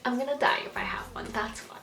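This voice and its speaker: A woman's voice: fairly high pitch, fast, sharp tone, soft background music. A woman in her twenties talking to camera in a sassy, emphatic, casually profane way. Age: 20s. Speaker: vlogger. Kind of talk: casual to-camera comedy vlog. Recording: roomy echo.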